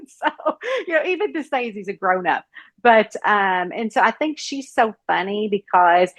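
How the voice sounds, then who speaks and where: Woman, Southern American accent, guest author, casual interview chat, acts out quoted voices, medium pitch, dry close sound. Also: normal speed, no echo. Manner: lively storyteller who acts out quoted voices.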